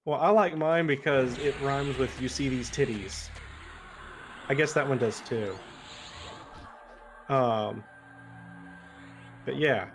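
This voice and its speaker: A man livestreaming an online game, chatting casually with a friend, relaxed and chuckling as he muses over how words are pronounced. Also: medium pitch, takes it slowly, pauses often, faint music behind. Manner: laid-back, chuckling, muses on word pronunciation. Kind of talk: casual chat while gaming.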